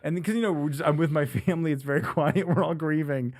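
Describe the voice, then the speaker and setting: A man with a slightly higher voice tells a story on a comedy podcast. He laughs often and acts out texts he got in quick quoted voices. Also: a little mellow. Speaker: podcast co-host.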